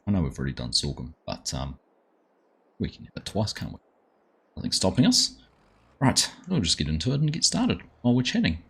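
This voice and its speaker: A man's voice: sits low, breathy edge. A man hosting a live gaming stream, chatting casually and greeting viewers by name as he plays. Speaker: gaming livestream host. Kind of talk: casual chat while playing a farming game.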